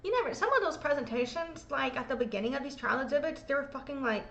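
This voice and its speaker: High-voiced irreverent woman reading documents. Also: expressive, quick pace, creaky, fairly bright tone. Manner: irreverent, swears freely, self-mocking. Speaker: host. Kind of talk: casual commentary reading court documents. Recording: echoey room.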